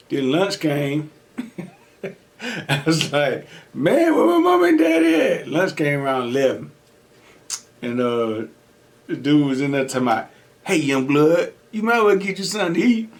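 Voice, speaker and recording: A young man hosting an eating show, telling a story casually, laughing often and acting out quotes. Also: medium pitch. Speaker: mukbang host.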